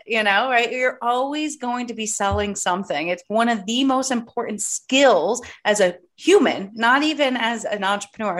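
A woman's voice: mid-range voice, fairly bright tone. A woman hosting a podcast in a casual, candid chat, giving emphatic advice. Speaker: podcast host.

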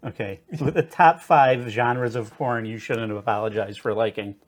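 A man's voice: mid-range voice, normal speed, noisy background. A man co-hosting a crude comedy podcast, joking in a sarcastic way. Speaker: podcast co-host.

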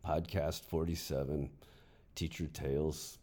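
A man telling a funny story from his teaching days as a podcast host, in a lively and amused way. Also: rumbling low, unhurried. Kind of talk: storytelling narration.

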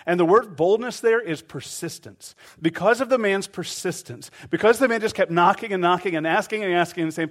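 Man, middle-aged, pastor, sermon, animated, acts out voices, somewhat high pitch. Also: fairly quick, few pauses.

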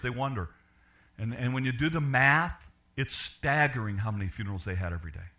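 An older pastor with a medium-pitched voice preaches a sermon, posing questions to the congregation and swinging between loud and quiet.

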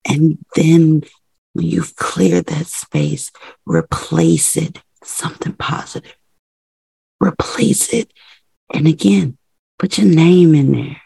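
A woman's voice: sits low, steady tone, slow, creaky, warm tone, breathy edge, no room sound. A woman hosting a motivational podcast, urging listeners with emphatic, repetitive phrases. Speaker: podcast host.

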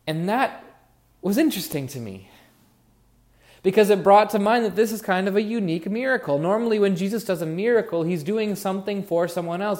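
High-voiced earnest male pastor preaching. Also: a little mellow. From Oregon. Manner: earnest, musing, varies emphasis. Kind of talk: sermon.

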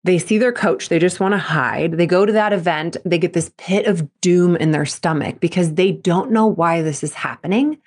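A woman's voice: lowish voice, normal speed, few pauses, darkish tone. A woman hosting a solo podcast as a mental performance coach, talking in a fired-up, emphatic and earnest way.

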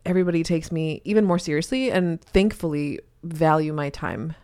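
A woman's voice: deep voice, lively intonation, normal speed, a little mellow, clean tone, dry recording, clean studio sound. A woman co-hosting a podcast, a new mother, talking candidly and animatedly in casual chat. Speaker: podcast co-host.

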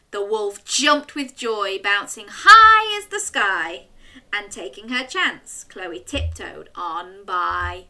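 A woman reads a picture book aloud to children at a slow pace, her mid-range voice animated as she asks her young listeners questions.

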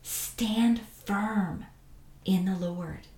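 A woman teaching a devotional Bible lesson in an earnest, gentle manner, often dropping to a soft hush. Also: medium pitch, drawn-out words, roomy sound. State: tearful.

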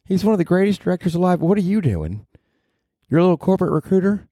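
A man voicing a shrill woman who mockingly scolds her partner, in a crude, sneering falsetto. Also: sing-song, fast talker, warm tone, no echo, studio quality.

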